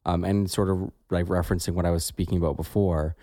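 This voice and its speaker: A man's voice: sits low, steady tone, fast talker, warm tone, dry recording, clean studio sound. A man co-hosting a podcast, talking in a reflective, casual way with many "like" fillers. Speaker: podcast co-host.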